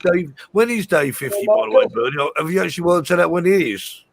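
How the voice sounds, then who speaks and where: Slightly high-voiced guy hosting a live drone show, loose chatty talk, restarts a lot. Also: fairly quick, gravelly, noisy background. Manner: chatty, repeats words while thinking. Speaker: show host. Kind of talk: live stream chat.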